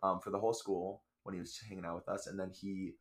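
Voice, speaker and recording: A man's voice: sits low, little pitch movement. A young man who makes music, a podcast guest telling stories in casual, chatty talk full of fillers. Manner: rapid, chatty storytelling with many fillers. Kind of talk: casual chat.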